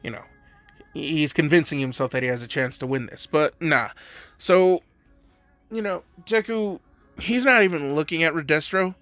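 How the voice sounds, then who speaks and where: A man's voice: on the high side, moderate pace, fairly bright tone, dry recording. A man casually narrating a fan-made story, rambling with many fillers. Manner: rambling, heavy use of "you know" and "like".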